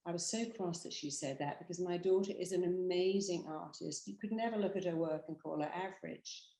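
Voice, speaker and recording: A British therapist and hypnotherapist gives a brisk, emphatic, animated motivational talk, acting out the quotes in her stories. Her voice sits a little low, and the room adds a noticeable echo.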